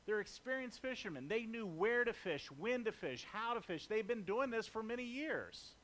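A man with a high voice delivers a sermon in a loose, chatty manner. He jokes with the congregation and slips into acted-out quotes along the way. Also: very animated, moderate pace, fairly bright tone. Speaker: preacher.

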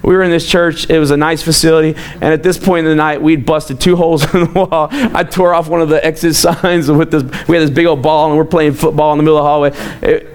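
Brief: middle-aged male pastor, lively self-mocking storyteller, slightly high-pitched voice. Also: fast, smooth. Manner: animated, self-mocking, acts out quoted lines. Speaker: youth pastor. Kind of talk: storytelling talk.

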